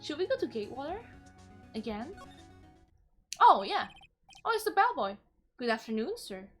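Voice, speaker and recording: A woman streamer reading game dialogue aloud, expressive and animated, with casual asides. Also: high-pitched, moderate pace, soft background music.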